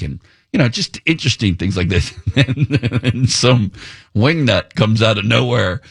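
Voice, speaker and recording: A man's voice: medium pitch, lively intonation, a little slow, creaky, husky, dry recording. A man hosting a morning radio talk show, chatting casually with wry, rambling asides and chuckles. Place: radio studio. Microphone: studio microphone.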